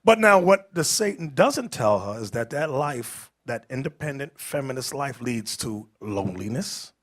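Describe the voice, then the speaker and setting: A man preaching to a group, emphatic, quizzing his listeners and rising into shouts. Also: mid-range voice, animated, moderate pace. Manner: emphatic, rising to shouts, asks the crowd questions. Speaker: street preacher.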